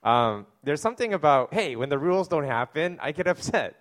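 A man preaching a sermon, reading scripture slowly and then telling stories in a loose, chatty way with many fillers. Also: big pitch swings. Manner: acts out quoted people in loud high voices. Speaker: pastor.

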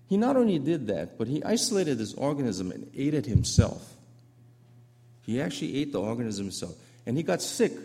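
A man giving a medical lecture over slides, telling the story in an animated, conversational way with asides to the audience. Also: mid-range voice, husky.

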